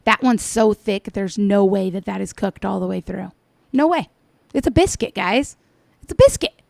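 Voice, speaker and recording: A woman reacts to another vlogger's cooking video with sarcastic, scolding commentary. Her gravelly voice is medium-pitched at a moderate pace, recorded with clean studio sound and no echo.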